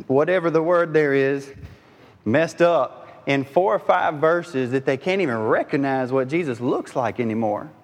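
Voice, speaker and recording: A man preaching a sermon, animated and conversational, dropping into the voices of the figures in his story. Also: a little high. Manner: animated, dips into voices of disciples and Jesus. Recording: long hall reverb.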